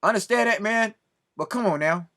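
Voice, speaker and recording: Casting: high-pitched man, preachy scolding video rant. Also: moderate pace, sharp tone. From Southern California. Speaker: video commentator. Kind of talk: ranting commentary to camera.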